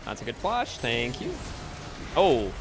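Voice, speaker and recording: A man giving live gameplay commentary as a streamer at home, excitable and bursting into yells and laughs. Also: mid-range voice, a little slow, over music. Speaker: gaming streamer. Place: home room with window open.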